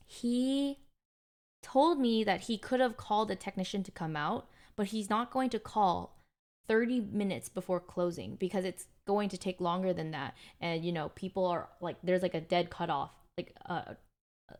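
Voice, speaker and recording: A young adult woman streamer casually telling her chat an exasperated story, full of back-and-forth retellings. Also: on the low side.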